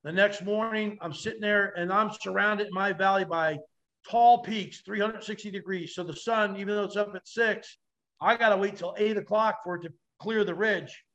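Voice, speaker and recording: A man guesting on a podcast, telling animated stories with vivid, salty language and acting out the voices of others. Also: high voice, normal speed, lo-fi sound. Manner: vivid, acts out quoted voices, swears freely. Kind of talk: animated storytelling.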